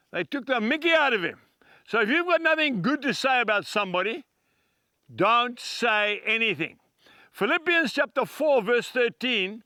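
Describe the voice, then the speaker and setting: A man's voice: very high voice, pushed and bright, no room sound. A man preaching a devotional TV talk, earnest and emphatic, speaking directly to the viewers. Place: filming set with camera crew.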